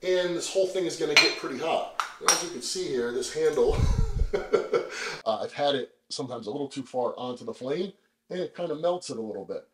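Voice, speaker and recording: A man hosting a casual video, explaining things in a relaxed, chatty way with lots of fillers, speaking in a kitchen. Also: a little high, brisk, echoey room, rough recording. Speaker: vlog host. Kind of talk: casual demonstration.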